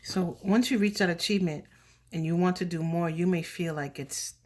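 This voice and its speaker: A woman's voice: fairly low pitch, moderate pace. A woman doing a casual, emotional tarot reading for her viewers, chatty and slipping in Spanish words. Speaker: tarot reader.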